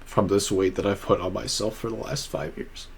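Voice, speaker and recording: A man's voice: fairly low pitch, fairly even intonation, moderate pace, creaky, a little hiss or hum. A young man talking to camera in a personal vlog, rambling and restarting often, earnest and emotional. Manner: earnest and heartfelt. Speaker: vlogger.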